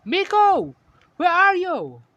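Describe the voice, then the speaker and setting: A man's voice: high-pitched, very slow, muffled recording, heavily acted. A man voicing a guilt-ridden young male skeleton who begs and cries out in fear, in a fan-made story. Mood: shouting. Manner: pleading, panicked cries.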